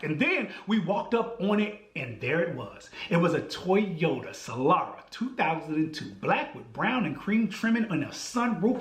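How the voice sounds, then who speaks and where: A man hosting a podcast, telling a comic story in an animated way with slang and voiced asides. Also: fairly high pitch, reverberant. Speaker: podcast host. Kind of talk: storytelling monologue.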